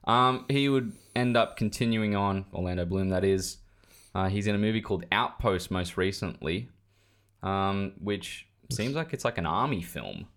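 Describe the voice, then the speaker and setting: Brief: male host, lowish voice that bounces around, steering the film talk. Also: expressive, normal speed, fairly bright tone. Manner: leads the talk, reads facts aloud. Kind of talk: casual film chat.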